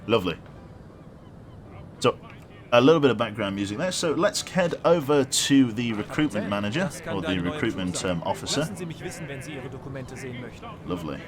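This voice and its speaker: A man's voice: lowish voice, animated, normal speed, pauses often, a little hiss or hum. A man casually chatting through a live game stream, rambling, swearing freely and thanking his viewers as he plays.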